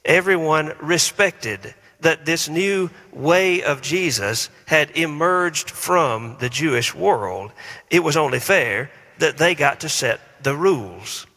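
A pastor preaches conversationally, trading rhetorical questions and self-deprecating jokes. His voice sits a bit high and sounds bright and forceful. It rings with a long reverb in a church hall. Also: animated, slow pace. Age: 40s. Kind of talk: sermon. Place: church sanctuary.

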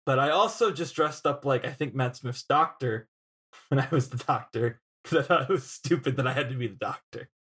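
A man's voice: mid-range voice, brisk, fairly bright tone, breathy edge. A young man co-hosting a casual film podcast, telling rambling stories and laughing as he goes. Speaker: podcast co-host.

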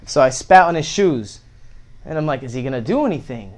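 A man's voice: fairly high pitch, fairly quick. A young man telling a story in casual chat, swearing a lot and acting out the lines of the people in it. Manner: profane, animated, acts out quotes.

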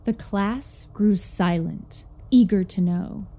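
A woman narrating a rhyming spooky poem in a measured, playful storytelling manner. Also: mid-range voice, dark tone. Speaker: poem reader.

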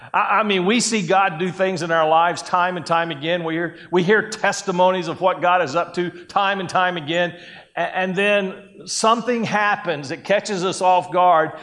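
A man's voice: high voice, moderate pace, fairly bright tone. A man preaching a sermon in a conversational way, breaking into acted-out quotes of people. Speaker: pastor.

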